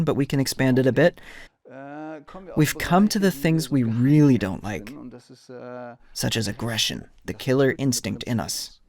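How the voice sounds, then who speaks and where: A man's voice: mid-range voice, a little mellow. A man with a German accent, a therapist giving a lecture to an audience and acting out little dialogues with patients. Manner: storytelling, acts out dialogues.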